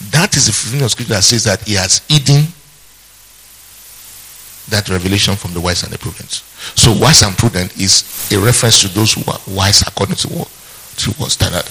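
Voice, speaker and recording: A man's voice: on the low side, sharp tone, breathy edge, rough recording. A man preaching a sermon who keeps asking the congregation to finish his sentences, with humorous asides along the way. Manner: call-and-response questions to the congregation. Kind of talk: sermon teaching.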